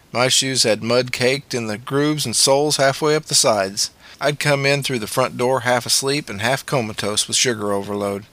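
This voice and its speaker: A man's voice: medium pitch, pushed and bright. A man narrating a memoir audiobook in a plain, matter-of-fact way.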